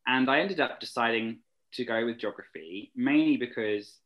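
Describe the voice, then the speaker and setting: A man's voice: medium pitch, normal speed, highs cut off. A young man chatting eagerly as an interview guest, rambling with fillers. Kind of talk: casual interview chat.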